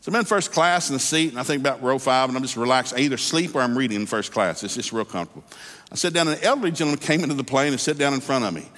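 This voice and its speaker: A man's voice: medium pitch, expressive, rapid-fire, a bit bright. A man preaching a sermon, telling a folksy story and then calling people to prayer, recorded in a church hall. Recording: hall reverb.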